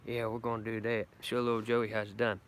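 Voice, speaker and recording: A man's voice: on the low side, monotone, a little fast, slight background noise. A middle-aged man, rambling brashly and profanely on a casual live stream from his woodland camp. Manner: brash, profane, boastful country talk. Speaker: bushcraft vlogger doing a live stream.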